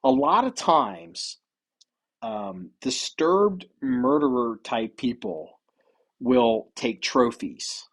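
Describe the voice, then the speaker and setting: A man's voice: mid-range voice, big pitch swings, very slow, vocal fry. A man hosting a podcast, telling stories in loose, rambling casual chat with some swearing. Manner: rambling, profane storytelling. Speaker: podcast host.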